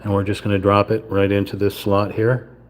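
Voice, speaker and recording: A man with a lowish, monotone voice mutters a little quickly through each step of building a wooden model kit. It's a casual live stream commentary as he works with small parts.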